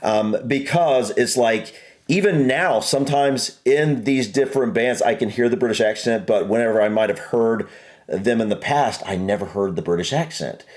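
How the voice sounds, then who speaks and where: American guy reacting to a video, rambly, thinks out loud, lots of um and like. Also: medium pitch, normal speed. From United States. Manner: rambling, restarts and fillers, musing aloud. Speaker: reaction channel co-host. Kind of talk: casual reaction chat.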